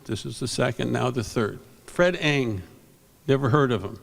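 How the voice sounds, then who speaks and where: A man's voice: mid-range voice, moderate pace, gravelly. An older man giving an award speech at a convention. He tells rambling anecdotes and acts out what people said. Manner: rambling storyteller, animated quotes. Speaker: award presenter. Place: convention hall stage. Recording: reverberant hall.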